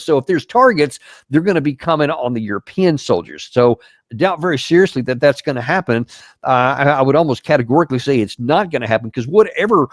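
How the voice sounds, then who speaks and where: A man's voice: a little high, no echo, clean studio sound. A man hosting a show, giving emphatic, incredulous commentary on news clips. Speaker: host and military commentator.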